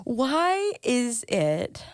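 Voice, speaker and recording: A woman's voice: a little high, wildly swooping pitch, extremely slow, no echo. Chatty woman counselor in a dry room. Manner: warm interviewer, frequent fillers, asks probing questions. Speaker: pastor and counselor. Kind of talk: casual conversation.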